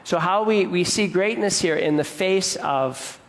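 A man's voice: high-pitched, measured pace, long reverb tail. A man preaching a sermon as a pastor, conversational, with restarts and repeated words.

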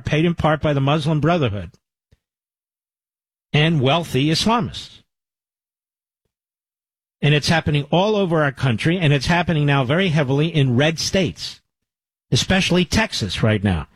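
A man's voice: on the high side, animated, normal speed, pauses often, slightly rough, no echo, poor audio. A man hosting talk radio, delivering emphatic, indignant commentary into a studio microphone. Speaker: radio host.

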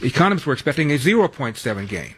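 A man's voice: mid-range voice, very animated, rapid-fire, fairly bright tone, slightly rough. A man hosting a talk radio show in a studio, rattling through headlines with wry, sarcastic asides. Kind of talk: talk radio news rundown and monologue.

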